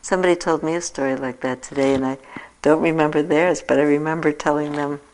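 A woman in her sixties giving a reflective dharma talk as a meditation teacher, telling a personal story with gentle self-mocking humor. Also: low-pitched, steady tone, quick pace, rough recording. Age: 60s.

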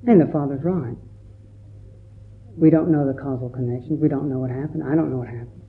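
A man, a Buddhist monk, giving a gentle, reflective dharma talk and telling stories with quoted voices. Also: mid-range voice, brisk. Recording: tinny phone-like recording.

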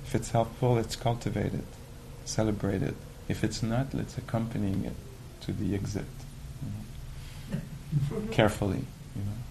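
Animated man teaching meditation. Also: on the low side, moderate pace, gravelly, noisy background. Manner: animated, acts out quoted inner voices; many fillers like "you know". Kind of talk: conversational dharma talk.

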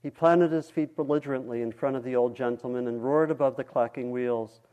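A male meditation teacher reading a story aloud during a dharma talk, in a calm, measured way. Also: medium pitch.

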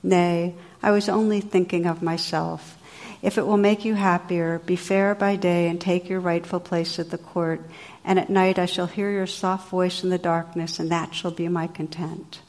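A woman reading aloud gives voice to a devoted young knight from an old legend, earnest and chivalrous. He speaks in a lowish, heartfelt way. His words come with an old-fashioned courtliness. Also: little pitch movement, normal speed, a little mellow, in a large hall, natural voice. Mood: tender.

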